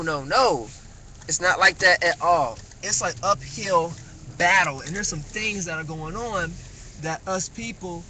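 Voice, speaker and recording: A man ranting casually on a phone livestream, rambling with many fillers and animated rises. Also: fairly high pitch, poor audio. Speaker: vlogger. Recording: phone mic with faint car noise.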